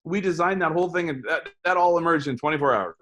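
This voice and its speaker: Animated middle-aged man telling stories. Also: on the high side, fast talker. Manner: animated storyteller, repeats and restarts words. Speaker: game designer interviewed. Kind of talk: storytelling interview talk.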